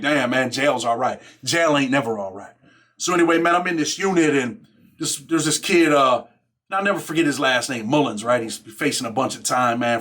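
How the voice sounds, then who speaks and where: This podcast host from Rochester, New York, a middle-aged man, spins a prison tale in loose, streetwise talk, constantly tossing in "man" and "right?" and voicing what others said. He speaks at a medium pitch with a fairly bright tone.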